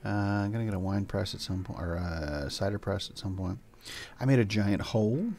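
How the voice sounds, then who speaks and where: Deep gravelly older man rambling. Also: normal speed, a little mellow. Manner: rambling, chatty, coos at his pets. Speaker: gameplay video host. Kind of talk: casual let's-play commentary. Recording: faint background music.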